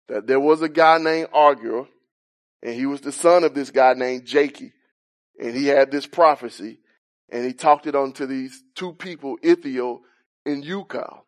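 A man preaching a Bible-teaching sermon, explaining a passage and asking questions as he rises in intensity on key points. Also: medium pitch.

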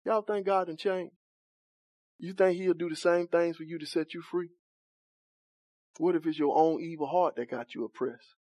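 A male preacher delivers a lively sermon, firing questions at his congregation and joking in folksy church vernacular. His voice sits high for a man. The sound is close and dry. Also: normal speed, long pauses, no echo. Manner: call-and-response with congregation, laughing, questioning.

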